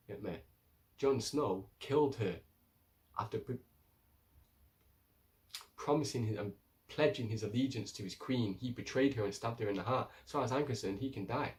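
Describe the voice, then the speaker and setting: Man, casual episode recap, blunt slang, middle pitch, distant mic. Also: moderate pace, pauses often, a little mellow. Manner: blunt, slangy, swears freely. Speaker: TV episode reviewer.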